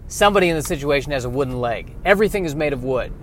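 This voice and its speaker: A man's voice: medium pitch, expressive, racing, fairly bright tone, a little hiss or hum. A man riffing in a meandering, wry comic monologue while driving. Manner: meandering, self-interrupting, wry. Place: inside a car while driving.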